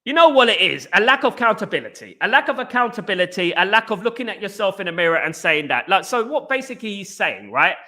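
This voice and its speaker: A man from England hosting a casual live football fan stream. He gives animated shout-outs to viewers and rambles with frequent restarts. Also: sits high, fast talker, few pauses. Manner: animated, greets viewers by name with "big up". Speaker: football fan channel host.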